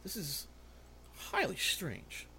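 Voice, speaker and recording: A man's voice: fairly high pitch, wildly swooping pitch, vocal fry, sharp tone, husky, voice pushed up, heavily acted. A man voicing a shaken middle-aged nobleman consul who stammers and halts mid-sentence. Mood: uneasy. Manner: halting, flustered.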